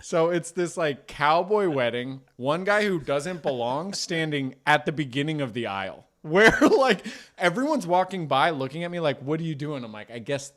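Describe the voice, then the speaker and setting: A man's voice: on the high side, lively intonation, moderate pace, few pauses, fairly bright tone. A young man co-hosting a podcast, telling a rambling, self-deprecating story in casual talk with the odd swear word.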